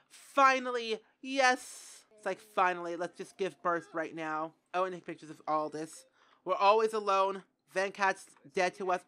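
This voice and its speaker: Young woman, game commentary, dramatic outcries, middle pitch. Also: fairly bright tone. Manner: dramatic, shrieks and cries out in dismay. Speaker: game streamer. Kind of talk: gameplay commentary.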